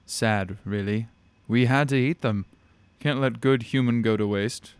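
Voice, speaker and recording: A man voicing a calm, cruel alien entity with tendrils, explaining its plans in a matter-of-fact, menacing way. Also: mid-range voice, measured pace, clear, resonant tone, no room sound, lightly acted. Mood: calm menace.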